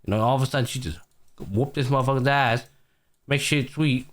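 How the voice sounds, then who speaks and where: The host of a casual anime podcast, a man, has a medium-pitched, brisk voice. His recaps are animated and heavy on swearing, and he performs the characters' lines as he goes.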